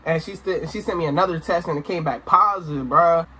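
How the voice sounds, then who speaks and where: A young adult man telling a story to camera in a casual, animated way, swearing and exclaiming as he goes. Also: fairly high pitch, brisk. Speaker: storytime vlogger. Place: indoor room, sit-down recording.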